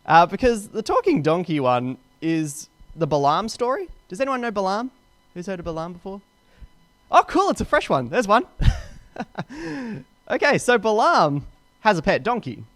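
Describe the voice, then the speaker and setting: A young man, a pastor, retelling a Bible story in a casual, chatty way and slipping into quick voices for the characters. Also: high voice, big pitch swings, a bit bright, no echo.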